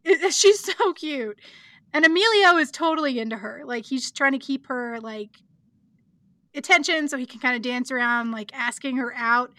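A woman's voice: sits high, normal speed, a bit bright, no room sound. A woman co-hosting a podcast, chatting casually through an episode recap with plenty of likes, ums and giggles. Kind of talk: casual chat.

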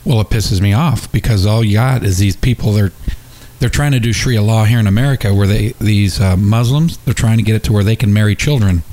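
A man's voice: fairly low pitch, fairly quick, warm tone. A man co-hosting a talk show, chiming in bluntly with crude, profane remarks and egging the host on.

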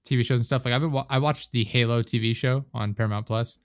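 A man's voice: medium pitch, steady tone, fast talker, dry recording. Rambling, swearing man, dry close sound. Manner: rambling, profane, laughs often. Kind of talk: casual chat.

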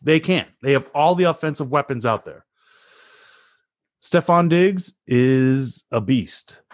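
A man co-hosting a casual sports chat, animated and incredulous, teasing the others and laughing often. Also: medium pitch, slow, no room sound, studio quality.

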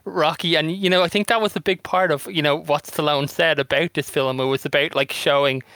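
A man's voice: on the high side, steady tone, fairly quick, fairly bright tone, dry recording. A man co-hosting a podcast, rambling through his points with lots of 'you know' and 'like' in a casual chat. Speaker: podcast co-host. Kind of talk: casual film discussion.

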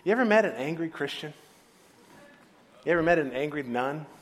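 A man preaching a sermon, retelling a story in a casual, joking, animated way. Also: on the high side, brisk, background noise. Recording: echoey hall reverb.

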